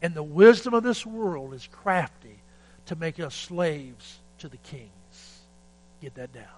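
A man preaching a sermon, telling stories in a folksy way and calling out for amens, building up to shouted peaks. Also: on the high side, lively intonation, slow pace, poor audio. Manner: calls for amen from the congregation. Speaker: pastor.

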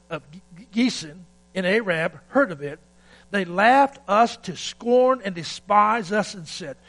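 Bright-voiced folksy preacher, man. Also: sits high, creaky, rough recording. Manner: folksy storytelling preacher who builds to shouting climaxes; calls for amen from the congregation. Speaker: pastor. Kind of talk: sermon.

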